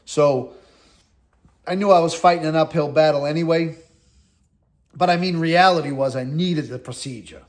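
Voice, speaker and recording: Pausing often at a moderate pace, a middle-aged man with a slightly high voice rambles through a casual story about being in prison. He's a Boston-area host whose plain, blunt street talk is packed with "like" and "you know."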